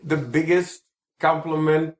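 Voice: mid-range voice, fairly even intonation, takes it slowly. A speaker in a casual group chat, making playful, joking asides. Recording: roomy echoey room.

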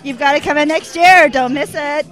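A woman's voice: high-pitched, normal speed, fairly bright tone. Sultry teasing woman.

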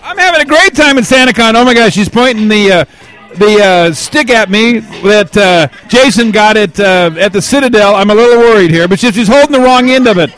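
A man hosting a podcast, playfully teasing people in quick party interviews. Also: sits high, lively intonation, a bit bright, soft background music. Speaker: podcast host.

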